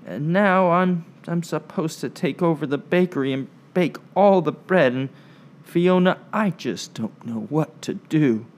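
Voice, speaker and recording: A man voicing a tearful young woman baker in a storybook, speaking slowly and weakly with sniffles. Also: on the high side, pitched above the performer's own voice, lightly acted. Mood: distraught. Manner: slow, sniffling and weak.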